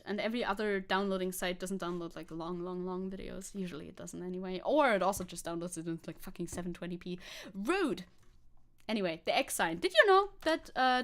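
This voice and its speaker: A woman streamer chatting casually on a live stream, sarcastic and quick to swear, with laughing asides. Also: fairly high pitch, a bit bright. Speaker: VTuber streamer.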